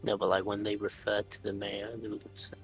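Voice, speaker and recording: A man's voice: on the low side, completely flat delivery, brisk, gravelly, husky, soft background music, low-quality recording. A man playing a tabletop game over a video call, asking questions and joking. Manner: questioning, jokey asides. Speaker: player.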